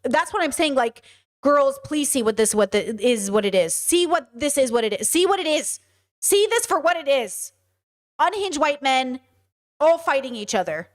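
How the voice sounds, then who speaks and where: A woman's voice: sits high, sing-song, normal speed. A woman hosting a live stream, reacting to protest footage with blunt, profane commentary that repeats points for emphasis. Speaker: host.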